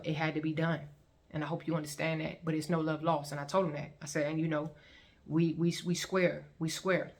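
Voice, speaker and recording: A woman casually telling her own story to viewers in a chatty, colloquial way, often breaking into laughter. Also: sits low. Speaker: vlogger sharing her testimony.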